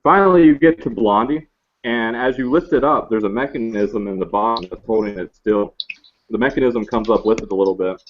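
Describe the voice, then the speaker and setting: A man's voice: on the low side, brisk. Rambling male game master. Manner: rambling, self-correcting, joking. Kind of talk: narrating a tabletop game. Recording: muffled lo-fi recording.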